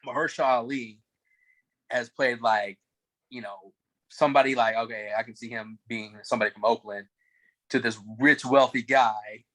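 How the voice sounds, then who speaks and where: A man's voice: mid-range voice, fairly even intonation, normal speed, a bit bright, dry recording, rough recording. A man co-hosting a casual TV show chat, rambling and hesitant, full of fillers and restarts. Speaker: podcast co-host.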